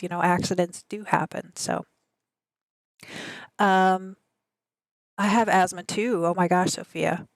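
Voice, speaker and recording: Sitting at a gaming desk in her home, a Midwestern American woman in her thirties hangs out with her stream audience, chatty and meandering as she reads messages aloud. Her voice is lowish, with no echo.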